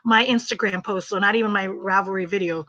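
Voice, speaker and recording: A woman's voice: mid-range voice, steady tone, fairly quick, sharp tone. A middle-aged woman chatting casually and emphatically on a crochet livestream, repeating herself and laughing often. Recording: slightly muffled livestream audio.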